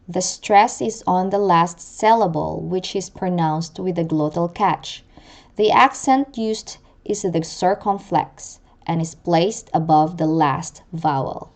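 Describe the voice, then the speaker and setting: A woman gives a language lesson in a slow, unhurried voice, pronouncing each example with deliberate care and repeating it. Her voice sits a little low for a woman, and she keeps an instructional, patient delivery throughout. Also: a little mellow. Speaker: language teacher.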